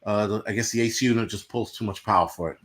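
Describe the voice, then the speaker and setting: A man's voice: on the low side, quick pace, fairly bright tone. Profane ranting man on a livestream. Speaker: livestream host. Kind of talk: casual livestream rant to chat.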